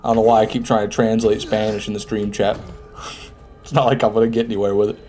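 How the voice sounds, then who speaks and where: A man's voice: on the low side, level tone, fast talker, warm tone, faint music behind. A man chatting casually over live gameplay, reading and answering viewer messages as he plays. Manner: chatty, reads and answers chat. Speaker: streamer.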